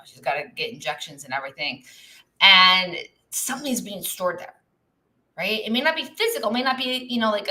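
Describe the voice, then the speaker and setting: A woman coaches business on a livestream in a medium-pitched, bright, forceful voice. She has lived in many countries and speaks chattily, checking the live chat and frequently abandoning and restarting sentences as she talks through examples.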